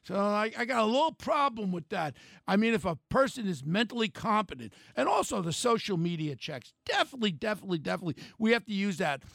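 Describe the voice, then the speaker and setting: Older New talk host, gravelly, high-pitched, blunt and ranting; dry close mic. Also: male voice, big pitch swings, fast, no echo. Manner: blunt, angry, shouting at times. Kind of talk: opinionated talk radio rant.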